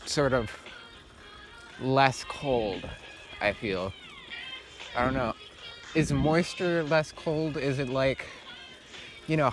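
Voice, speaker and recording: A man vlogging outdoors as he walks uphill before dawn. He rambles through a casual monologue, swearing and filling his talk with ums and likes. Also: medium pitch. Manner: meandering, swears a lot, full of fillers. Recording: music playing under the voice.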